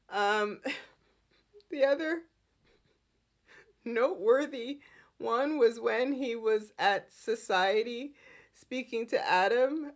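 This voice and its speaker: A woman hosting a podcast and recapping a soap opera in casual, animated chat with frequent giggles. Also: mid-range voice, slow pace, long pauses. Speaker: podcast host.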